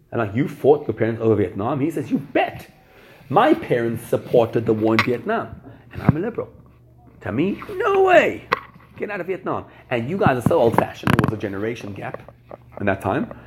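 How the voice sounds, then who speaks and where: A man telling a long personal story in a casual, animated way, acting out the people he quotes. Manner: animated storyteller, acts out quotes with big pitch jumps. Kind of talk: storytelling talk. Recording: noisy recording.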